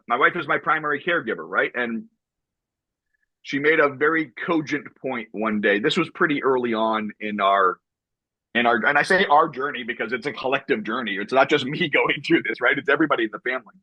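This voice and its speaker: A man's voice: mid-range voice, bright, forceful tone, dry recording, muffled recording. A man in his fifties from the United States, a podcast guest talking candidly and reflectively, often repeating words and tagging sentences with "right?". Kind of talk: candid conversational interview.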